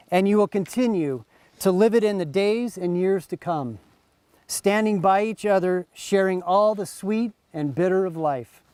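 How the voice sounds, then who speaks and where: A man officiating a wedding, leading the vows in a formal, measured way. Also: high-pitched, a little mellow, smooth, no room sound. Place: outdoor or hall wedding ceremony.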